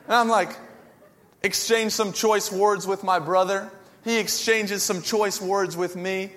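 A man preaching a sermon as a pastor, telling stories with lively, self-mocking humor. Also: sits high, measured pace, big-room sound.

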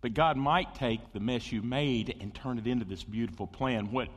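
A man preaching a sermon as pastor, conversational and animated, with asides to the congregation. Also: mid-range voice, moderate pace. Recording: long hall reverb.

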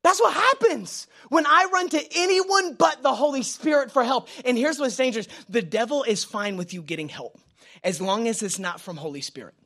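A young male pastor with a drawl preaches with a bright, ringing edge to his voice. He shifts from loud emphatic lines down to hushed prayerful murmurs, with informal jokes and stories along the way. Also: very high voice, normal speed. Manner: swings between loud emphatic preaching and quiet prayerful asides. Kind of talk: sermon.

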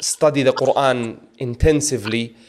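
Man, podcast host, medium pitch, frequent blessings, halting restarts. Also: fairly even intonation, slight background noise. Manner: warm, repeats religious blessings, hesitant restarts. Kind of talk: casual interview with a caller.

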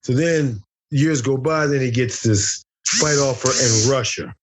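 As a guest in an interview, a middle-aged former fighter from the United States recounts a crazy tale, boisterous and swearing, voicing each character. He speaks in a mid-range voice at a measured pace.

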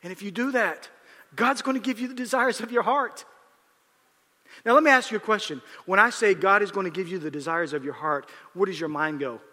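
High, bright-voiced preaching man. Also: fairly quick, in a large hall. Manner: animated preaching, swinging from loud outbursts to hushed asides. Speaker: pastor. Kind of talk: sermon.

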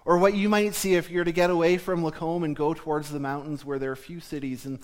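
A man from southern Ontario preaching a sermon, speaking in a measured teaching tone that slows down for emphasis. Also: on the high side, flat delivery.

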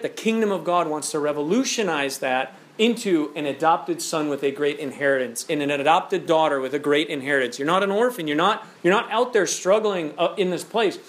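A high-pitched male preacher delivering a sermon in an animated way. He fires off rhetorical questions and slips into short stories. His delivery is conversational and energetic. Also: a little hiss or hum.

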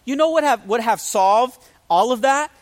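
A man's voice: extremely high pitch, normal speed. A man pastor preaching a livestreamed sermon, telling a funny story with energy and calling out to his listeners. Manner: energetic storytelling with humor and call-outs to the audience.

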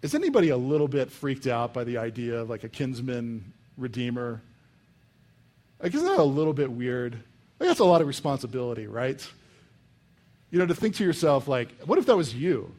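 A young man from the United States preaching a sermon in a casual, animated way, full of "like" and "um". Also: medium pitch, fairly quick. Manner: casual and animated, many fillers like "like" and "um". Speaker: pastor. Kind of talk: conversational sermon.

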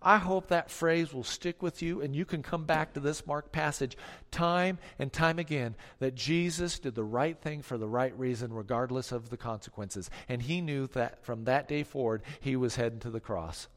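Middle-aged male pastor, mid-pitched, preaching in a big echoing sanctuary, dropping to hushed tones then driving points home. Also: normal speed. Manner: storytelling preacher, swings from hushed to forceful. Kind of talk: sermon.

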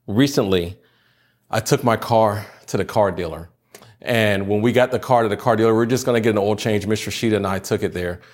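A man's voice: on the low side, fairly quick, darkish tone. A young adult man, a pastor, giving a chatty, humorous sermon to students by video. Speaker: youth pastor.

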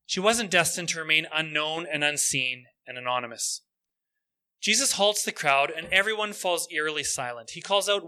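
Male preacher, earnest sermon storytelling, bright and ringing tone. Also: a little high. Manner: earnest, slows down for emphasis.

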